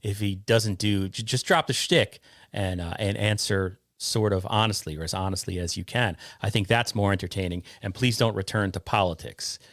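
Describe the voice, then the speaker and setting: A man hosting a casual podcast, reading out chat comments in a halting, rambling way. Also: fairly low pitch, fairly bright tone, dry recording, studio quality. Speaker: podcast host.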